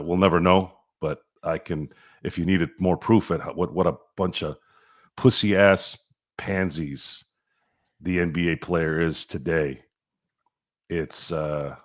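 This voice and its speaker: A man's voice: sits low, fairly bright tone. A man co-hosting a sports podcast, blunt and opinionated, with sarcastic asides in casual chat. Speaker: podcast co-host.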